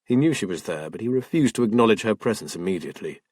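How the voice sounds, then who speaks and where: A man reading a crime novel aloud as an audiobook narrator, in a measured storytelling manner. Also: lowish voice, lively intonation, a little mellow, breathy edge, no echo, studio quality. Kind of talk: scripted narration.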